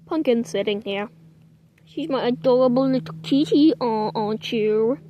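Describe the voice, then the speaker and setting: A woman's voice: fairly high pitch, moderate pace, muffled recording, a little hiss or hum. A young woman talking casually to her camera outdoors in the cold, rambling and often apologizing. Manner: chatty and rambling, with frequent apologies. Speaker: vlogger. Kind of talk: casual outdoor vlog chat. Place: outdoors in the cold, sitting on rocks.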